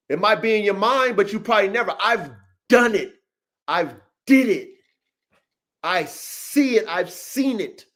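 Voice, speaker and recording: Brash high-voiced man ranting on a podcast. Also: fairly bright tone. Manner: profane, boastful, emphatic, addresses listeners by name. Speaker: podcast host and dog breeder. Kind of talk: casual livestream podcast rant.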